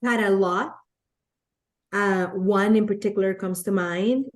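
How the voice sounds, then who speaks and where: Animated female storyteller. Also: mid-range voice, a little slow. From Latin America. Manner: animated, acts out quotes. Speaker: guest, network marketer. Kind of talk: conversational storytelling.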